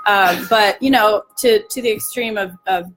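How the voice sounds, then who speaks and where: Hoarse-voiced woman coach chatting. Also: mid-range voice, normal speed, fairly bright tone, soft background music, poor audio. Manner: chatty, acts out dieters' self-talk in quoted lines. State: hoarse, voice still rough. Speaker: nutrition coach. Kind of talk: casual live-stream Q&A chat.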